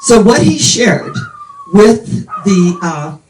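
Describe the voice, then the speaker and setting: A woman's voice: mid-range voice, wildly swooping pitch, slow, darkish tone, a little hiss or hum. Woman in her 70s preaching, rambly storyteller, sounds far off in an echoey room. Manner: meandering storytelling. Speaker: minister. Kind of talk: sermon.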